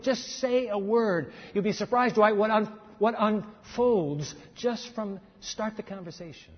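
A man's voice: sits high, moderate pace, few pauses. A middle-aged male preacher giving an emphatic, conversational sermon, often restarting phrases as he presses his point. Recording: dull sound with long reverb of a hall.

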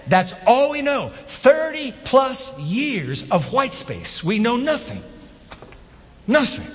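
A man preaching a sermon as pastor, animated, with rhetorical questions and emphatic repetition. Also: high voice, long reverb tail.

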